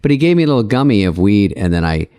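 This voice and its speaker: A man co-hosting a podcast, telling deadpan anecdotes with casual swearing. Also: on the low side, very fast, clear, resonant tone. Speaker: podcast co-host.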